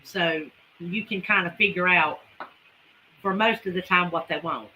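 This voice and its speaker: A woman's voice: on the low side, unhurried, sharp tone, a little hiss or hum, rough recording. A woman with a Southern US accent, chatting folksily with viewers as a homesteading livestream host. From Carolinas, US. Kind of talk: casual livestream chat with viewers.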